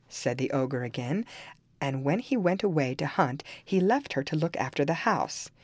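In a dry, close recording, a woman reads a fairy tale aloud with a low voice that climbs and dips with lively pitch. The storybook narration stays calm and even at a moderate pace.

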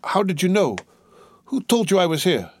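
Brief: male reader doing a tired young woman, pitched up high, blunt and worn down, storybook read. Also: very animated, normal speed, no room sound, studio quality, exaggerated voice. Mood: strained.

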